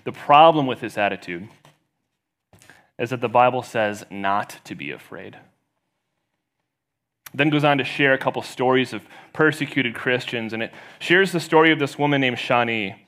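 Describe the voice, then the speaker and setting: A man's voice: expressive, normal speed, long pauses. A man preaching a sermon as pastor, retelling a story and raising his voice for the quoted voices. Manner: storytelling, rising loud and high for quoted voices.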